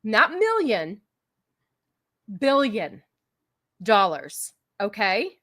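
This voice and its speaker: A woman's voice: medium pitch, sing-song, extremely slow, a bit bright. A woman hosting a casual livestream podcast, talking in a sarcastic, mocking way and laughing often. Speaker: podcast host.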